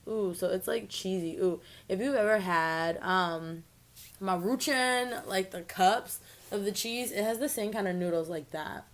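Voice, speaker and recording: A woman's voice: mid-range voice, unhurried. A young woman hosting a mukbang vlog, chatting casually to the camera between bites, bubbly and full of "like" and "ooh". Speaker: mukbang vlogger. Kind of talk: casual chat to camera while eating.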